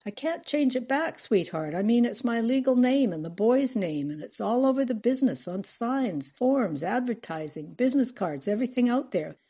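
A woman voicing a husband who reasons and soothes his upset wife, in a husky, mellow voice. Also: a little high, expressive, normal speed, few pauses, pitched above the performer's own voice. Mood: defensive. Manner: reasoning, placating, sighing. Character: middle-aged husband, patient and placating.

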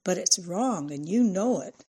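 A woman's voice: on the low side, lively intonation, measured pace, mellow, breathy edge, heavily acted. A woman narrator voicing an indignant, theatrical woman who makes biting accusations.

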